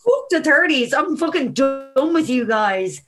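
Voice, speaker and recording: A young woman co-hosting a podcast, reacting quickly and teasing her friend in casual chat. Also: sits high, very animated, music in the background. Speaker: podcast co-host.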